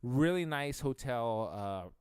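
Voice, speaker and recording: A man's voice: mid-range voice, expressive, slow pace, clear, resonant tone, no room sound, studio quality. A young man co-hosting a podcast, telling a profane, laid-back story in casual chat. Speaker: podcast co-host.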